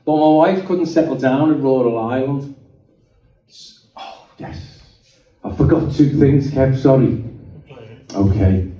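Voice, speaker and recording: A man's voice: mid-range voice, takes it slowly, long pauses, mellow. A middle-aged man giving a chatty personal testimony to an audience in a meeting hall, often checking in with "okay?" and "right?". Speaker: guest speaker giving a testimony. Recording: roomy hall, distant mic, dull sound.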